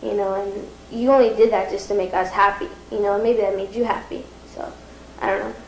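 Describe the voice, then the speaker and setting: A woman's voice: mid-range voice, fairly even intonation, fairly quick, a little mellow. A teenage woman giving a rambling, giggly video message to her grandparents, recorded in an echoey room. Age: teens. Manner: rambling, giggly, tearful toward the end. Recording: echoey room with faint noise.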